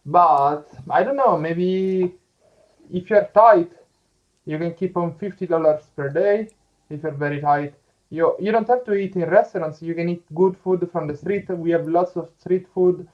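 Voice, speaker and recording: A man's voice: high-pitched, measured pace, highs cut off. A man with an Italian accent hosting a casual live chat, reading viewer comments aloud and laughing often. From Italy. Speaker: livestream host.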